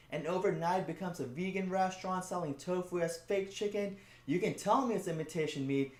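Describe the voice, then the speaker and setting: A man hosting a satirical late-night news monologue, sarcastic and punchy, with quick asides. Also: sits high, a little mellow, reverberant. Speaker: comedy show host.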